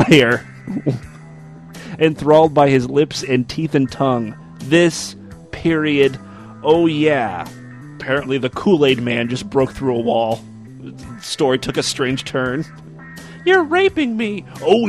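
A man's voice: medium pitch, steady tone, measured pace, soft background music. Sarcastic man reading aloud. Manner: sarcastic, wisecracking, laughs at the text. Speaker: host. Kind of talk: comedic reading with mocking commentary.

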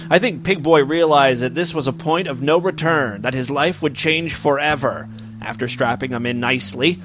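A man's voice: medium pitch, fairly bright tone, a little hiss or hum. A man doing a mock-dramatic comic reading of a story, with wry asides and tongue-in-cheek delivery. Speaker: comic reader of an erotic story.

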